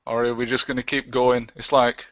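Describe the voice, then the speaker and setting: A man hosting a live stream chat in an easygoing, wry way. His voice is bright and sharp. The audio is dry and lo-fi. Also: medium pitch, level tone, fairly quick, no echo. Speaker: host.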